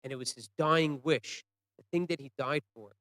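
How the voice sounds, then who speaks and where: Halting man telling a story, dry. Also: mid-range voice, no room sound. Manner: halting, repeats words, restarts often; voice swings from hushed to loud for quoted cries. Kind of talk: storytelling talk to an audience.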